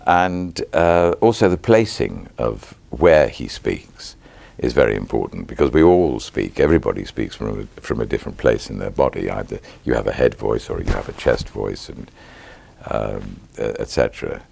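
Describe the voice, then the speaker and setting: Very deep, gravelly older British man. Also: expressive, a little mellow, dry recording. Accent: British English. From Britain. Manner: measured, reflective, with ums and restarts. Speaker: actor interviewed about his role. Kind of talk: thoughtful interview answers.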